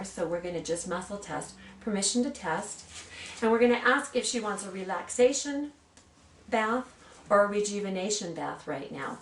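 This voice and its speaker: A woman in her sixties, an aromatherapy practitioner, who gently demonstrates oils and tells personal stories in a soft, earnest way. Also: medium pitch, a little hiss or hum. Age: 60s. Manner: soft, earnest, reads blessings slowly. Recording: roomy sound from a distant mic, faint ambience.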